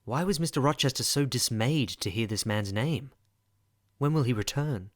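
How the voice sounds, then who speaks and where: A man narrating a storybook in a quiet, measured way. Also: mid-range voice, expressive, no room sound, studio quality.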